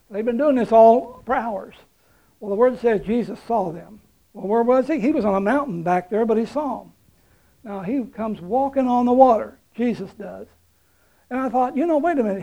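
A male preacher delivering a sermon in a warm, mellow voice. He tells the story conversationally, with little chuckles, and leans on repeated phrases for emphasis. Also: high voice, low-quality recording.

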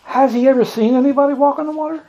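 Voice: sits high, steady tone, racing, dark tone, dull audio. Folksy, chuckling Bible study leader. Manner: folksy, chuckling, acts out scripture voices. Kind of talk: informal Bible study teaching.

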